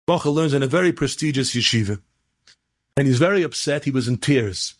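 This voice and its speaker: A man's voice: mid-range voice, a little fast. A man, a rabbi, tells stories in a sermon and builds them into fervent, emphatic exhortation, peppered with Hebrew and Yiddish terms. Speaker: rabbi and speaker. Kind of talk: storytelling sermon.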